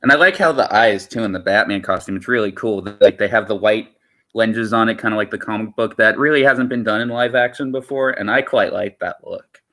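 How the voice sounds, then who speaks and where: A male streamer talks loosely to his viewers, wandering from point to point and repeating himself. His voice sits a bit low, yet it has a bright, forceful edge. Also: fairly quick. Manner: rambling, repeats himself, many "you know" fillers. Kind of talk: casual livestream chat.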